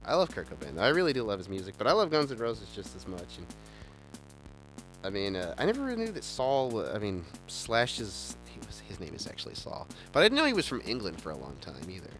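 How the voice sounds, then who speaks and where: Rambling low-voiced man, lively and bright. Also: fast talker, faint music behind. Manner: rambling, enthusiastic, stumbling restarts. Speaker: show host. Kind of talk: casual chat.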